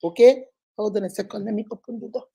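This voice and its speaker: A woman's voice: medium pitch, fast talker, gravelly, dark tone, slightly rough. A Nigerian woman hosting a casual advice session, talking animatedly and laughing often as she acts out phone calls. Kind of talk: casual live advice chat.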